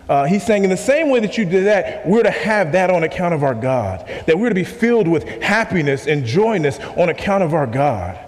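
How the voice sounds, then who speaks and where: A man's voice: high-pitched, darkish tone, in a large hall. A pastor preaching a sermon to his congregation, emphatic, repeating key questions and asking the room to respond.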